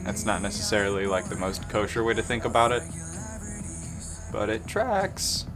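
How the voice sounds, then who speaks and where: A man's voice: on the low side, fairly even intonation, fast, over music. A man in his twenties with a Southern American accent, chatting casually and joking to himself while mixing drinks. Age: 20s. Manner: rambling, self-deprecating, jokey asides. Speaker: bartender streamer.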